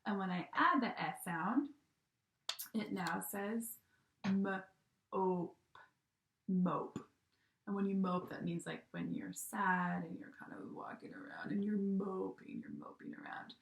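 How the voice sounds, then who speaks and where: A woman teacher talks slowly and patiently through a recorded phonics lesson for young children. Her voice carries a slight vocal fry, and she keeps checking in with a sing-song "okay?". The sound bounces around an echoey room. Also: mid-range voice, fairly bright tone, a little hiss or hum.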